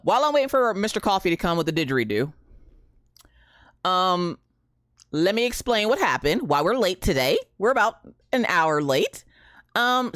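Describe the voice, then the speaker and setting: A woman's voice: medium pitch, dry recording, studio quality. A woman in her thirties chatting casually on a live stream, greeting viewers by name and telling a story. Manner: animated, greets chat by name, Southern "y'all".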